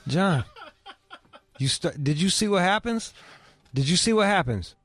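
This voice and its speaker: A man's voice: high voice, animated, a little slow, a bit bright, no echo. A man hosting a radio show, bantering crudely in a brash, profane, needling way.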